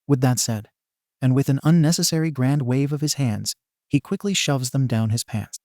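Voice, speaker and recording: A man's voice: medium pitch, normal speed, a little mellow, dry recording, clean studio sound. Man narrating a comedy fan story. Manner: wry, tongue-in-cheek narration.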